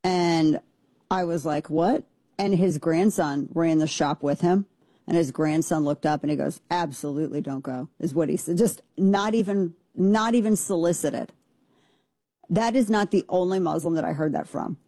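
Blunt, mellow-voiced woman commentator. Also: fairly low pitch, moderate pace, dry recording. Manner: emphatic, blunt, rambling with restarts. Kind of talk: opinionated monologue.

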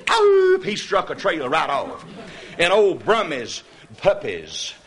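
A man telling a folk tall tale, animated, often laughing and breaking into hollers. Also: a little high, takes it slowly. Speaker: storyteller. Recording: noisy recording with clicks.

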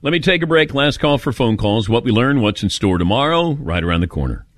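A man's voice: medium pitch, brisk, no room sound, studio quality. A middle-aged man hosting a call-in radio show in casual, joking chat. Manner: lively, joking, animated.

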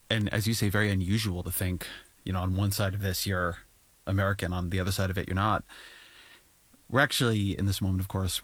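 Low husky guy asking interview questions, measured, dry sound. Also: no room sound. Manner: measured, probing. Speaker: interviewer host.

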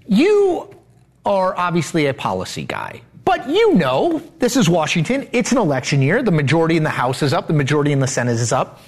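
Lively man hosting a news interview. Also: on the high side, brisk. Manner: animated, probing questions. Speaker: interviewer host.

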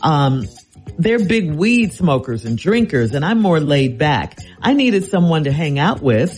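A man's voice: fairly high pitch, poor audio. A man hosting a radio advice show, reading a listener's letter and answering in an incredulous, teasing way.

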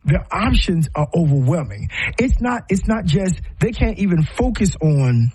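A man's voice: sits high, big pitch swings, unhurried, darkish tone, slightly rough, poor audio. A middle-aged man talking in a casual, reflective monologue, rambling with frequent restarts and repeated words.

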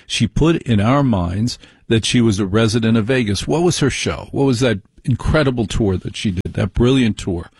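A man's voice: lowish voice, animated, normal speed, few pauses, darkish tone, breathy edge, no echo, studio quality. A man hosting a talk show, delivering an opinionated monologue in a ranting, conversational way full of rhetorical questions.

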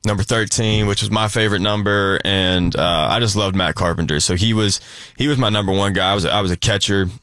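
A man's voice: on the low side, steady tone, a little fast, a bit bright, clear, resonant tone, no echo, studio quality. A young man from Nashville, a country singer guest, chatting casually with many fillers in a radio interview. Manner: easygoing, rambling with many fillers.

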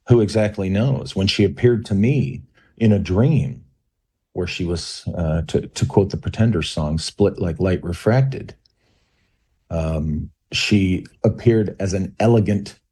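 Low, husky-voiced man who halts often. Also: dark tone. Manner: halting, many restarts and fillers. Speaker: guest author. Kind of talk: talk radio interview.

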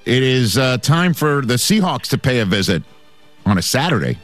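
A man's voice: medium pitch, very animated, moderate pace, a bit bright, soft background music. A man hosting a sports radio show, chatting casually with playful, joking banter.

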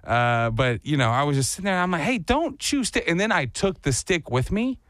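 A man co-hosting a morning show, chatting casually and acting out a story with lively voices and sounds. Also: a little high, a little fast, no echo, clean studio sound. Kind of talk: casual chat.

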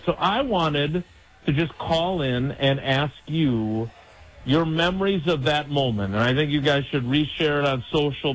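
A man's voice: a little high, low-quality recording. A middle-aged man calling in to a radio show on a phone hotline, rambling and joking at his own expense. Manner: rambling, self-mocking, joking. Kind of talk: casual call-in chat.

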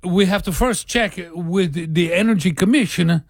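A man's voice: sits high, dry recording, clean studio sound, pitched above the performer's own voice. A man doing a joking Italian-accented politician. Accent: put-on Italian. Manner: halting, joking.

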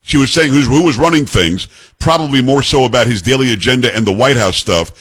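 A husky-voiced man hosts call-in radio from a dry, close studio. He is emphatic and opinionated, pressing his own views hard on his callers. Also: mid-range voice, animated, fairly quick, a bit bright, no echo. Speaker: radio talk show host.

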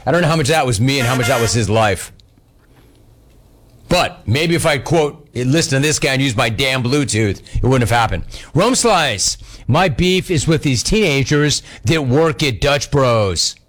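A middle-aged man hosting a talk radio show, telling exasperated stories in a casual, animated way. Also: mid-range voice, normal speed.

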